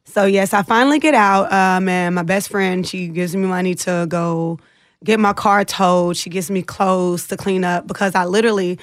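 A woman's voice: lowish voice, normal speed, no echo, clean studio sound. Woman telling a painful story. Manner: earnest, emotional retelling with animated quoted voices. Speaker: guest. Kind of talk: personal storytelling in an interview.

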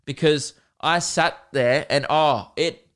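A man's voice: a little high, slow pace, a bit bright, clear, resonant tone. Sarcastic man ranting. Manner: exasperated, sarcastic storytelling. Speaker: podcast host. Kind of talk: casual solo podcast rant.

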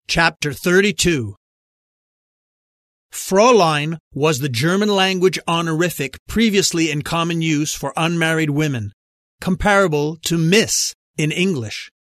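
A man narrating an audiobook in a measured, even reading from a close studio mic. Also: on the high side, dry recording. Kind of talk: scripted narration.

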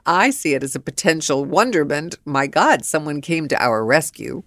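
A middle-aged woman hosting a podcast, telling stories in an animated, blunt way, laughing and swearing. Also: low voice, normal speed, no echo, clean studio sound. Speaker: podcast host. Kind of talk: storytelling monologue.

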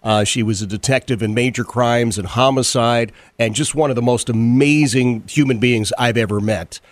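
A man's voice: mid-range voice, moderate pace, no echo. A man hosting a talk radio interview, earnest, often repeating words and using fillers. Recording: dry studio sound.

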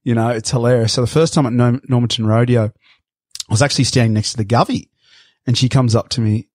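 A man's voice: medium pitch, steady tone, quick pace, a little mellow, dry recording, clean studio sound. A man, a podcast guest telling rambling stories with laughs. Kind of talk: casual interview chat.

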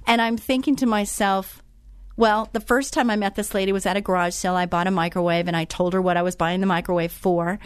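A woman's voice: medium pitch, fairly even intonation, fairly quick, smooth, no echo, clean studio sound. A middle-aged woman who hosts a faith-based radio show, telling a story in a chatty, enthusiastic way with frequent restarts.

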